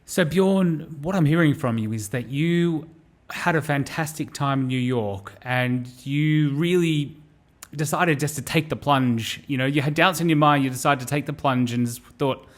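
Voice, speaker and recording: A man's voice: on the high side, moderate pace. A man hosting an interview, recapping what the guest said and prompting him to go on. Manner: summarizing, encouraging prompts. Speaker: podcast host.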